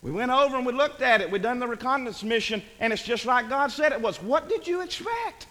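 A man preaching a fervent sermon, often shouting and repeating phrases for emphasis. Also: extremely high pitch, quick pace, big-room sound, rough recording.

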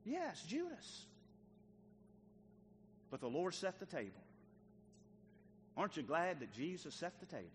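Animated preacher man in an echoing church. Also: a little high, moderate pace, long pauses, slight background noise. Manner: dramatic preaching, acts out biblical dialogue, swings loud to soft. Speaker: pastor. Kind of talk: sermon. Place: church sanctuary.

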